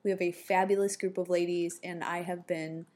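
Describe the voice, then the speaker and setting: Woman, casual podcast co-host, chatty, rambling, mellow, slightly low. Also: little pitch movement, normal speed. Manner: chatty, rambling, lots of fillers. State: pregnant. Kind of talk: casual chat.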